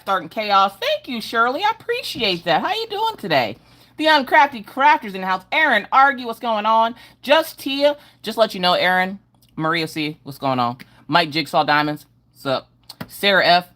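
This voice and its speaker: A woman's voice: mid-range voice, fairly bright tone. A middle-aged woman hosting a casual livestream from home, greeting viewers by name in a sing-song way. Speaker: livestream host.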